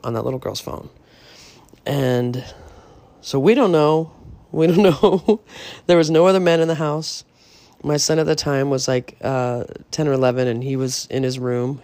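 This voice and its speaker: Podcast host, male, mid-pitched and gravelly, casual and rambling, swears a bit. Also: no room sound. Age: adult parent. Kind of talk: casual storytelling to listeners.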